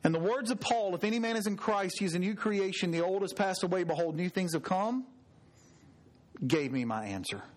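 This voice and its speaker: A middle-aged man preaching with earnest emphasis, his voice sitting a little high for a man. He builds his points through repeated phrases and personal storytelling. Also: expressive, a little fast. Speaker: pastor. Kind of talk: sermon.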